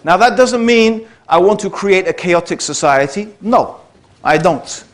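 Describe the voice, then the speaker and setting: British man giving a lively public talk. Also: high-pitched, measured pace. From Britain. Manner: conversational, checks in with the audience. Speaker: speaker giving a talk to an audience. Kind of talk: public lecture.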